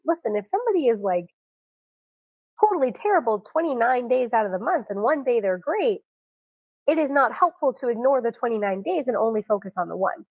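A woman giving frank, animated self-help advice in a casual monologue, acting out quoted voices. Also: on the high side, no echo. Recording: dry, tinny phone-like sound.

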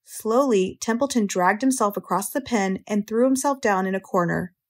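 An American woman narrates a children's classic in a clear, measured storytelling voice. Her pitch sits in the middle range, and she paces each sentence steadily for English learners. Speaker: audiobook narrator, English teacher.

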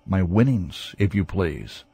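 A man's voice: low-pitched, big pitch swings, slow pace, creaky, dark tone, husky, no echo, voice pushed down, heavily acted. A man voicing a boastful, cheating male goblin gambler with a smarmy, gloating manner, in a storybook reading.

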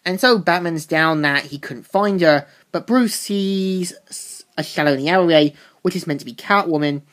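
A woman talks through a comic's plot in a loose, casual recap, circling back and restarting her sentences as she goes. Her voice is fairly low for a woman. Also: normal speed. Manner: rambling retelling with loose restarts. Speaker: comic book reviewer.

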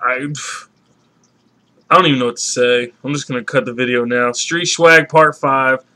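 A man's voice: mid-range voice, steady tone, normal speed, pushed and bright. A man hosting a vlog, talking to viewers in a brash, profane, casual way. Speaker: vlog host.

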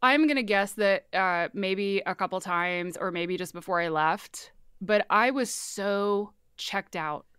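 A woman with a light Southern accent, a guest telling her story in a candid, animated, casual way. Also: mid-range voice, measured pace, hardly any pauses, clear, resonant tone, no room sound, clean studio sound. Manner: candid, animated, swears freely.

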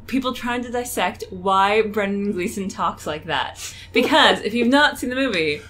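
A woman chatting on a casual podcast, animated and incredulous, laughing as she talks. Her voice sits in a middle register. A faint hiss runs under the recording. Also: mid-range voice, moderate pace. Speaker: podcast co-host.

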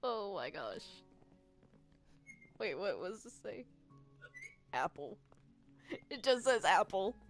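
A woman playing a game roleplay in casual chat, laughing often and protesting with rapid repeated no's. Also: mid-range voice, sing-song, faint music behind. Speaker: player narrating a game roleplay.

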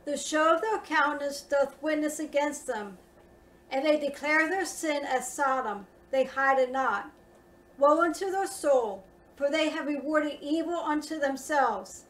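A woman with a high voice reads scripture aloud in a measured, formal cadence. Her voice sounds distant and echoes around a roomy space. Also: fairly bright tone. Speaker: scripture reader. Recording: roomy echo, distant from mic.

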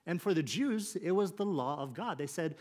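A man's voice: a little high, animated, moderate pace, darkish tone. A man pastor giving a conversational sermon in a church, with many fillers, who acts out the quotes he tells.

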